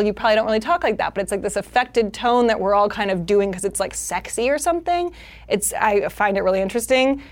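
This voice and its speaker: A woman comedian talks freely in a relaxed interview, her voice mid-pitched and lively. She moves quickly between stories and little impressions. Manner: animated, slips into character voices. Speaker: comedian guest. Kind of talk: casual interview chat.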